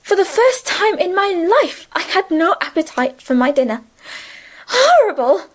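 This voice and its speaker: A lady reading as a shy dramatic schoolgirl, high and gushy, audiobook style. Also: sing-song, a little slow, exaggerated voice. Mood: gushing. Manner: dramatic, gushing. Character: timid, food-loving schoolgirl, young woman.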